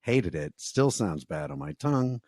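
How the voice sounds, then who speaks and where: A man's voice: medium pitch, sing-song, normal speed, vocal fry, a little mellow, dry recording, clean studio sound. A man with a New York accent, co-hosting a casual recap chat with joking, sarcastic asides and a polished voiceover delivery. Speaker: podcast co-host.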